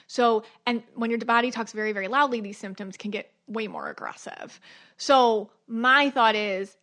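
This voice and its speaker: Middle-aged woman podcaster, casual rambly talk, lotta "like" and "you know", kinda high voice. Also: fairly bright tone. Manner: chatty, lots of "like" and "you know", acts out inner dialogue. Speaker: podcast host. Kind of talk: casual spiritual podcast monologue.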